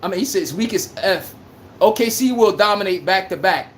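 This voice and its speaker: A woman's voice: medium pitch, expressive, normal speed, echoey room, a little hiss or hum. A woman hosting a casual sports livestream, ranting, trash-talking and reading out chat comments. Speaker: livestream host.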